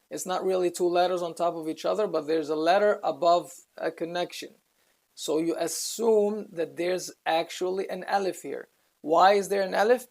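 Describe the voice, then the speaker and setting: Gravelly-voiced man teaching Quran reading. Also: high voice. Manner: patient, explains slowly, recites Arabic words between explanations. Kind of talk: step-by-step recitation lesson.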